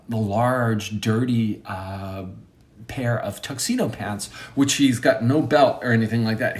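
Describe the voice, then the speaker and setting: As a monologue host, a man tells a comic story, rambling and cutting himself off, his pitch jumping in lively ways.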